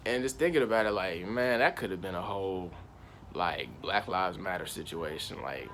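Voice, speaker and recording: A man's voice: low-pitched, expressive, moderate pace, fairly bright tone, a little hiss or hum. A young man casually telling a personal story in slangy, rambling speech. He circles back on himself and keeps repeating "I was like.". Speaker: channel host.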